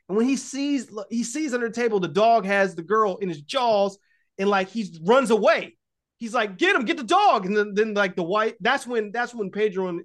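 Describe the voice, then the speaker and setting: A man with a high, light speaking voice recaps a film in loose, profane casual chat. He tells it with energy, acting out the characters' lines along the way. His words come fast and scattered, full of "like" and restarts. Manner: animated, profane retelling with acted-out quotes. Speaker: podcast host.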